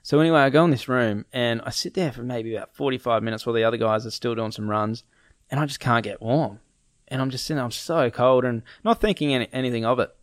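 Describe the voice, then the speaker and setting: A man's voice: mid-range voice, no room sound, studio quality. A young man casually telling a story, acting out his friends' lines and laughing often.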